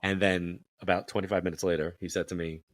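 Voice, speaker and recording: Middle-aged man, low voice, dry close sound, chatty storytelling guest, acts out other voices. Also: fast talker, no room sound. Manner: animated storyteller who acts out quoted voices, many fillers. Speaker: psychic medium guest. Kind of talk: casual interview storytelling.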